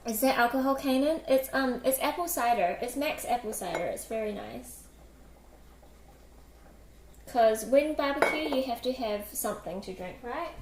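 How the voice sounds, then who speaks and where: Woman, casual cooking streamer, higher voice, rambling with fillers, roomy kitchen echo, loud clatter of dishes behind. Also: animated, normal speed, slight background noise. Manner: chatty, many fillers, giggly. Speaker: livestream host cooking. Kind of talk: casual cooking livestream chat, reading chat. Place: home kitchen. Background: kitchen clatter, chopping and dishes.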